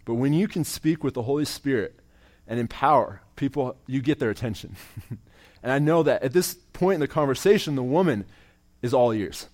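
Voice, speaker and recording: A young man, a campus minister, preaching in an earnest testimony style, often repeating words as he restarts and letting sentence ends drop quiet. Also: medium pitch, animated, moderate pace.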